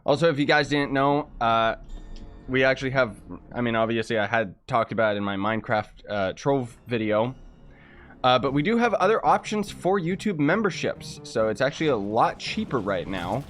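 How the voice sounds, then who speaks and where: A man's voice: mid-range voice, animated, normal speed, fairly bright tone, faint music behind. A young man from Canada, just out of bed, chatting casually on a game livestream, reading chat aloud with lots of fillers. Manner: rambling, reads chat aloud, many fillers. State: just woke up. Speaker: gaming streamer.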